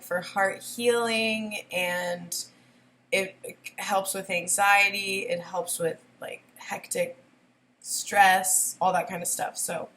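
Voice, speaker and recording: A woman's voice: mid-range voice, a bit bright, a little hiss or hum. A young woman doing a casual tarot reading, rambling and giggly, often emotional. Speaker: tarot reader.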